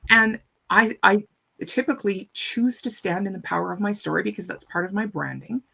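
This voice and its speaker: A woman telling a story in an animated, casual chat, often repeating her first words. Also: mid-range voice, brisk, creaky, breathy edge. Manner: animated, repeats words when starting sentences. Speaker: guest speaker.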